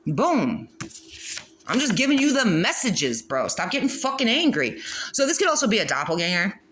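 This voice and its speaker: A woman gives a casual spiritual card reading straight to her viewers. She is blunt and swears freely, often breaking into laughter, and her voice sits at a middle pitch. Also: fairly bright tone. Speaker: tarot reader.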